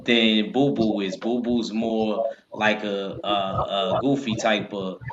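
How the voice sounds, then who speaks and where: A man's voice: on the low side, level tone, slow, muffled recording. A man on a boxing talk panel, insistent but easygoing. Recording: echoey room with faint noise.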